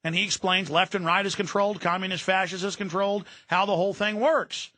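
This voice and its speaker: A man's voice: sits high, steady tone, a little fast, pushed and bright, dry recording. A man hosting a radio talk show, delivering an intense, ranting political monologue and repeating words when worked up. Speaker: radio host.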